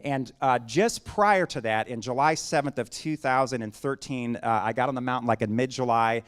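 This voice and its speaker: A man's voice: medium pitch, moderate pace, clear, resonant tone. A middle-aged man giving a sermon, telling a personal story with acted-out dialogue and building to emphatic preaching. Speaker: guest preacher.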